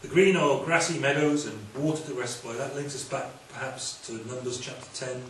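A man from Wales preaching a sermon in a lively, conversational way with quick humorous asides. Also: medium pitch. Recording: echoey hall, distant from mic, faint room noise.

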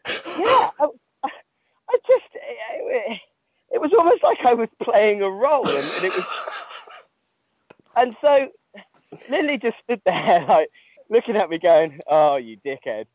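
His very high, very animated voice has a breathy edge as he takes it slowly with long pauses, laughing at himself in a casual call from an outdoor long-distance trail. There's no room sound, just a dry, tinny phone line.

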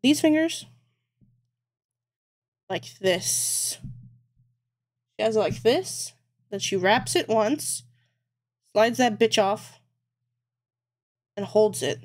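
A woman's voice: medium pitch, expressive, extremely slow, pauses often, darkish tone. A woman live-streaming as she crochets, thinking aloud, swearing a lot and mocking herself. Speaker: livestreamer. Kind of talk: casual live-stream chat while crocheting.

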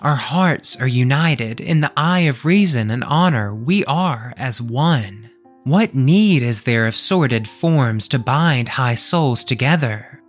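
A man's voice: medium pitch, animated, slow pace, soft background music. A man voicing a passionate young male student in an earnest, pleading way while reading a story aloud.

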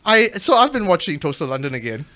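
A podcast co-host in casual chat, telling stories in an animated, excitable way. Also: mid-range voice, fast talker.

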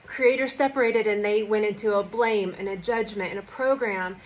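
A woman's voice: medium pitch, moderate pace, slight background noise, low-quality recording. A young adult woman spiritual guide telling a story in casual talk, with fillers and quoted lines.

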